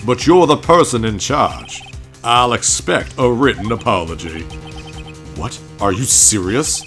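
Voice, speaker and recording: Guy putting on a big loud southern police chief, super friendly and chummy, bright voice that swings all over. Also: lively intonation, unhurried, faint music behind. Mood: smooth. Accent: American Southern (put on). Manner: folksy, booming, hands out nicknames. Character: jolly, overfamiliar middle-aged male police chief.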